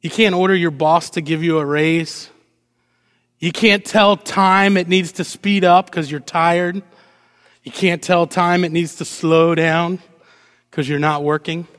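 With playful energy, a pastor gives a lively sermon, posing rhetorical questions to the congregation and acting out short quotes. He speaks unhurriedly in a slightly high voice, and the recording has long hall reverb.

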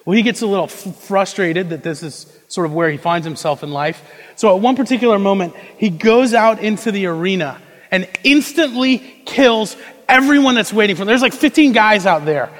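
A young man preaching a sermon, moving between hushed intensity and loud, emphatic delivery. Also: high-pitched, expressive, fairly quick. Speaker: pastor. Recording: long reverb of a large hall.

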